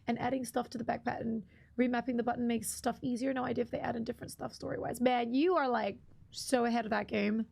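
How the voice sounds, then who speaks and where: A woman's voice: on the high side, steady tone, fast talker, gravelly, darkish tone. A woman streamer giving casual live gameplay commentary, chatty and greeting her chat with plenty of ums.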